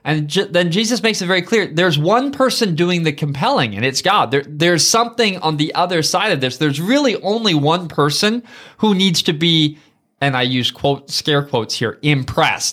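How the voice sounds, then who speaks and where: Man leading a relaxed Bible study. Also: on the high side, normal speed. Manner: thoughtful, explanatory, addresses co-host by name. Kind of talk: conversational Bible study discussion.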